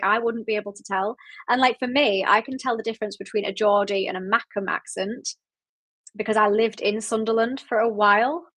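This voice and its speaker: A woman's voice: mid-range voice, fairly bright tone. A woman in her late twenties with a Yorkshire accent, hosting a book club livestream and chatting in a rambling way as she answers viewers. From Yorkshire, England. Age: late 20s. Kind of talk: casual livestream chat reading viewer comments.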